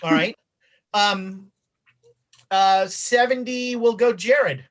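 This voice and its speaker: A woman's voice: medium pitch, slow pace. A woman running a tabletop game as game master, narrating casually with lots of fillers and restarts.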